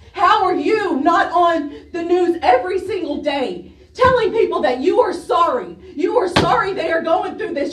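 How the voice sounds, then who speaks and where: A woman pleading in tears during public comment at a council meeting, her voice shaking as she speaks. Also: very high-pitched. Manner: pleading, breaking with emotion. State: crying, voice shaking. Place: council chamber. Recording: echoey chamber, distant mic.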